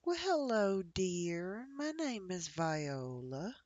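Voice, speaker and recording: A woman's voice: lowish voice, very animated, takes it slowly, a little mellow, muffled recording. A woman voicing an elderly woman who sweet-talks a shopkeeper and pleads poverty. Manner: sweet-talking, calls people dear.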